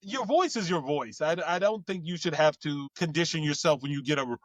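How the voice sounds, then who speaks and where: A man's voice: a little high, lively intonation, brisk, fairly bright tone, dry recording. A man co-hosting a casual chat, rambling with lots of fillers and restarts. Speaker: co-host.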